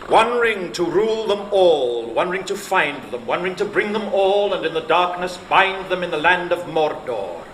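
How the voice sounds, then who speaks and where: A man's voice: high-pitched, expressive, normal speed, hardly any pauses, a bit bright, reverberant, slight background noise. An actor playing a solemn man reciting an ancient verse in a film clip.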